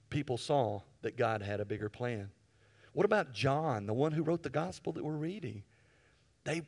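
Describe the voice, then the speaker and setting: Pastor, man, folksy storyteller from the pulpit, slightly higher pitch, swells from soft asides to loud emphasis. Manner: folksy, acts out quotes, builds to loud emphatic peaks. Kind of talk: sermon.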